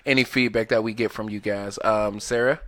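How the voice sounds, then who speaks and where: A man's voice: fairly low pitch, fairly even intonation, brisk, a bit bright, dry recording, clean studio sound. A man co-hosting a casual podcast chat, rambling, repeating himself and laughing often. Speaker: podcast co-host.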